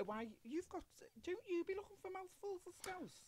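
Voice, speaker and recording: A man with a Liverpool accent, chatting as a podcast guest in a camp, cheeky and animated way. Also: very high voice, normal speed. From Liverpool, England. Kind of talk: casual chat.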